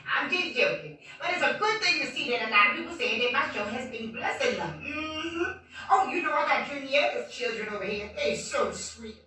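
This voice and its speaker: A sassy woman giving comedic relationship advice, calling everyone honey. Her voice is high and bright, recorded off-mic in a very echoey room with faint noise behind. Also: animated, fairly quick, distant mic. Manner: sassy, calls listeners "honey". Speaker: morning show host.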